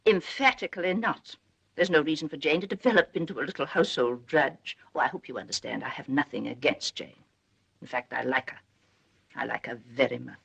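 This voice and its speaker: A woman's voice: a bass voice, brisk, gravelly, a bit bright, slightly rough, full character voice. An actress playing a proper, anxious middle-aged mother in a 1930s film, prim and emphatic, lecturing her son's new wife.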